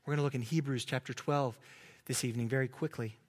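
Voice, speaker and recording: A man preaching a sermon as pastor, earnest, at times dropping to a soft hush. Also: mid-range voice, steady tone, fast.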